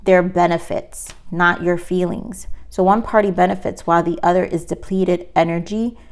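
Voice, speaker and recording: Tarot reader, woman, slightly low voice, earnest and repetitive delivery. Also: fairly even intonation, moderate pace. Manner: earnest, emphatic, repeats herself. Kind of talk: tarot reading for viewers.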